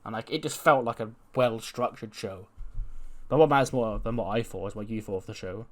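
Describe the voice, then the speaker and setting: A man's voice: fairly low pitch, a little fast. A man casually narrating and reviewing a wrestling sim game, chatty and full of fillers. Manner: chatty, many "like" and "you know" fillers. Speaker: game commentator. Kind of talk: casual let's-play narration.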